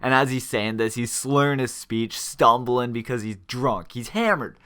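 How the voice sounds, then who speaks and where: A man's voice: medium pitch, moderate pace, smooth. A young man hosting a gaming channel, telling a story casually with plenty of swearing and laughter. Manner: animated, swears freely, laughs while telling.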